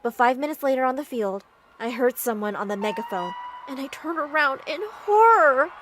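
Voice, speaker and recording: High, lively woman narrating a story. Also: normal speed, background noise. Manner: expressive, storytelling. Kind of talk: scripted first-person story narration.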